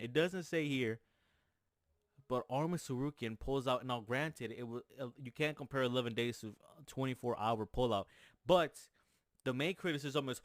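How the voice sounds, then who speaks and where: A man's voice: medium pitch, normal speed, dry recording, clean studio sound. A young man ranting hotly about fights, repeating his points and calling everyone "bro". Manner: fired up, repetitive, says "bro" constantly; gets louder for emphasis, repeats points. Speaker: MMA commentator. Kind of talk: heated rant vlog.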